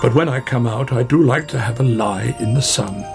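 A man's voice: medium pitch, normal speed, creaky, soft background music, lightly acted. A man voicing a chatty, friendly male otter in a storybook reading.

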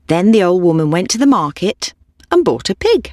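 A woman's voice: fairly low pitch, sing-song, moderate pace, warm tone, no echo, studio quality. A woman storyteller reading a cumulative folk tale aloud. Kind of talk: scripted folk tale narration.

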